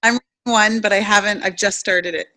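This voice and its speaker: A woman's voice: mid-range voice, fairly even intonation, brisk, pushed and bright, rough recording. A woman in a casual group chat, talking openly and rambling as she sorts out her thoughts. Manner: open, rambling, self-searching. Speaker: group member.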